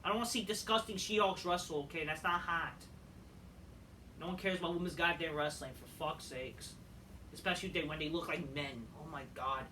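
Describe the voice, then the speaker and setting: Foul-mouthed wrestling reviewer, scornful rant, bright edgy tone, recorded a bit far from the mic. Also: mid-range voice, a little fast. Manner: crude, scornful, ranting, swears constantly. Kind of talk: profane ranting recap. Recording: distant mic with faint noise.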